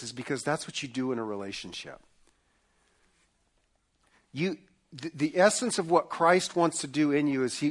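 A man giving an earnest sermon as pastor, often repeating words as he builds his point. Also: a little high.

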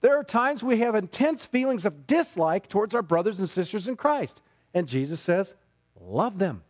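Man, pastor, sermon, emphatic, slightly high voice. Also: big pitch swings, moderate pace. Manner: emphatic, swings between quiet and loud.

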